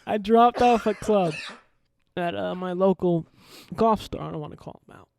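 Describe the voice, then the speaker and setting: A man co-hosting a podcast as its producer, trading quick, profane banter. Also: sits high, gravelly, darkish tone, slight background noise. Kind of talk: casual chat.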